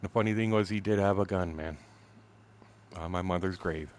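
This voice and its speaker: A man's voice: deep voice, moderate pace, a little mellow, a little hiss or hum. A man in his sixties streaming a game, telling a rambling story full of profanity. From Windsor, Canada. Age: 60s. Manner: profane, blunt, chuckling storyteller. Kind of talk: rambling anecdote told while gaming.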